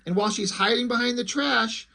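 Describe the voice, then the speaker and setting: Snarky guy trashing a comic, swears a lot, rambles, bright sharp voice. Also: very high-pitched, fairly quick, gravelly. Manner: sarcastic, profane, rambling. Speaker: comic reviewer. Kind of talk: casual comic review commentary.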